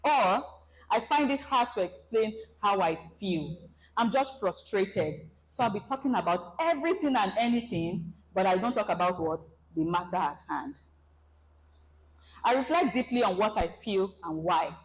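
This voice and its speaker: A woman giving a relationship seminar, animated and acting out everyday scenarios for her audience. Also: mid-range voice, normal speed, slight background noise, rough recording. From Nigeria. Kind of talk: presentation talk to an audience.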